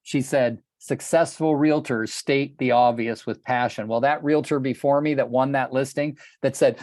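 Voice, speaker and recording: A man's voice: mid-range voice, fairly even intonation, normal speed, hardly any pauses, a little mellow, dry recording, clean studio sound. Blunt older man coaching on a call. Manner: blunt, passionate, swears casually. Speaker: real estate coach. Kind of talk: group coaching call, storytelling. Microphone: video call.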